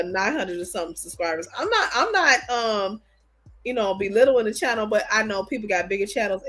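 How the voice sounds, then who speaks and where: A woman hosting a casual livestream, chatty and excitable. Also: mid-range voice. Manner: chatty, excitable, drawls and laughs. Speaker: livestream host.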